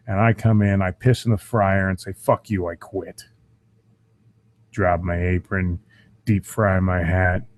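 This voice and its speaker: A man's voice: on the low side, narrow, tinny audio. Ranting, swearing guy losing his voice. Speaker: show host. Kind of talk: profane casual rant to a live audience.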